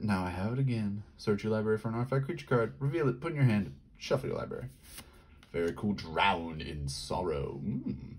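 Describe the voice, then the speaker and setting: Brief: an excitable man opening packs, husky, with big pitch swings, rattling off card text quickly. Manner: excitable, yelping in high bursts. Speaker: card pack opener. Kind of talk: casual pack-opening commentary.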